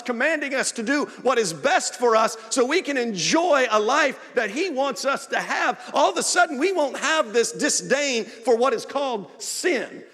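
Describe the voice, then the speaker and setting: High-voiced preacher in a reverberant church hall. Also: male voice, fairly bright tone. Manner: earnest preaching with acted-out asides. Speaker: pastor. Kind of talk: sermon. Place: church sanctuary.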